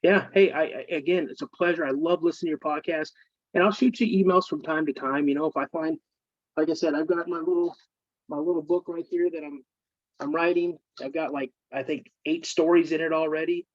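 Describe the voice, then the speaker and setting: A man speaks in a medium voice, earnest and halting as he shares emotional personal stories. The audio is dull and dry, like a remote call. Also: on the high side, fairly even intonation, no room sound. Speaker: guest, military veteran. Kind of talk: casual storytelling interview.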